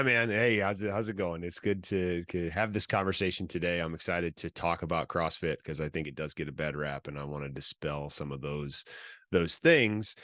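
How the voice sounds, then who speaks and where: Deep-voiced upbeat man co-host. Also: a bit bright, no echo, studio quality. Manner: upbeat, laughs easily. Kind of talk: casual chat.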